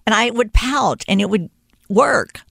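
A woman's voice: on the high side, measured pace, creaky, slightly rough. An older woman, a guest in a casual interview, telling stories and acting out quoted lines. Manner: storytelling, animated when quoting.

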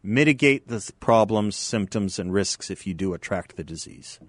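Male radio host, lowish dry voice, emphatic, repeats himself for effect. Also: expressive, moderate pace, no echo. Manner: emphatic, repeats key phrases. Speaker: radio talk show host. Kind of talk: talk radio conversation. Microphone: studio microphone.

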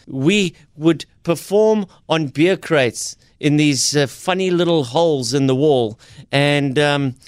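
A man's voice: on the high side, clear, resonant tone, dry recording, studio quality. A South African man hosting a radio show, friendly and joking with an old friend. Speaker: radio host and comedian. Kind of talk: casual radio interview.

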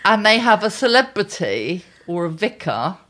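A woman's voice: medium pitch, sing-song, moderate pace, fairly bright tone. A woman co-hosting a casual chat, a playful and theatrical storyteller. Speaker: co-host.

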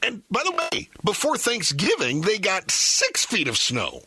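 A man's voice: high voice, huge pitch swings, unhurried, sharp tone, breathy edge, no room sound. A middle-aged man from northern Michigan, hosting and chatting casually, rambling with many fillers. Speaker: radio show host. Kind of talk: casual chat.

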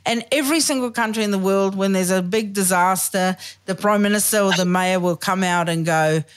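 A woman's voice: medium pitch, clear, resonant tone. Chatty woman podcast host who swears freely. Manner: chatty, swears freely, does quick impressions of others. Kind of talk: casual chat. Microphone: video call.

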